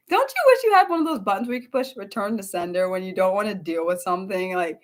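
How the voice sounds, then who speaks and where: A woman's voice: mid-range voice, lively intonation, fast, few pauses. A young woman hosting an unscripted livestream, rambling and breaking off mid-sentence as she answers her chat. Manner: rambling, self-interrupting, answers chat aloud. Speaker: livestream host.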